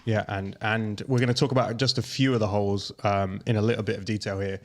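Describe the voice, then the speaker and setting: A man's voice: lowish voice, little pitch movement, fast. A man hosting a golf podcast, explaining course details in a casual, explanatory way. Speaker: podcast host.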